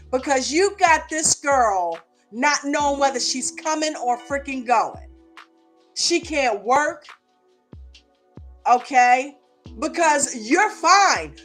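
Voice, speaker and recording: Woman, high voice, recap host, indignant and profane, faint music underneath. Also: fairly bright tone. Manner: passionate, indignant, swears freely. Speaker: reality show recap host. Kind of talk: reaction recap commentary.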